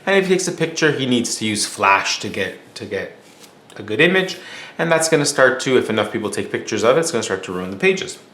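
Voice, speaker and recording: A man's voice: mid-range voice, sing-song, a little fast, a bit bright. A male teacher telling a story in a casual, explanatory way as a lesson. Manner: casual, explanatory, with fillers and restarts. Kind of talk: storytelling lecture. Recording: echoey room with faint hum.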